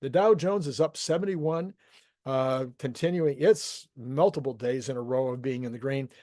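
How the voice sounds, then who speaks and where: A market commentary host with a medium-pitched, mellow voice talks at a moderate pace, alone on his economic show. He's conversational, reasoning aloud and often restarting, in a dry, clean studio recording.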